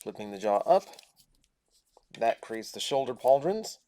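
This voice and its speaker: A man's voice: medium pitch, sing-song, a little slow, mellow. A man casually reviewing a toy, chatting and thinking aloud as he transforms it step by step.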